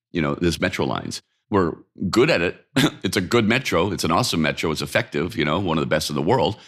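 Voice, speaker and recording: Very deep-voiced opinionated Danish-born man. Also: husky. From Denmark. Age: 50s. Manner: opinionated, animated, with rhetorical questions and laughs. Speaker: interview guest, urban mobility expert. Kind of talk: casual conversational interview. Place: apartment by a busy street.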